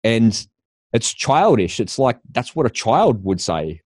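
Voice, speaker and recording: A man's voice: medium pitch, very animated, slow, darkish tone, no echo, clean studio sound. A middle-aged Australian man giving a scornful opinion monologue, breaking into laughter at his own points.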